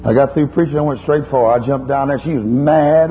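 A man preaching a sermon, telling a story in a lively, folksy way and chiding his listeners. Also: fairly high pitch, brisk, hardly any pauses. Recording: dull lo-fi recording with faint hum.

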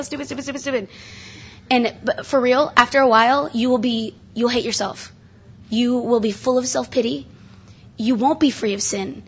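A woman's voice: fairly high pitch, slightly rough. A woman speaking earnestly at a conference seminar, preaching in a casual way with frequent restarts. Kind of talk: conversational sermon. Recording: dull lo-fi recording.

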